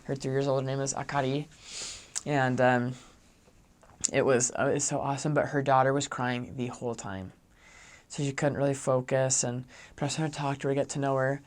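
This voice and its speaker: This former missionary, a young man, speaks at medium pitch in a level tone, a little on the fast side. His personal story comes out casual and filler-heavy, and his voice rises when he repeats his own kind words.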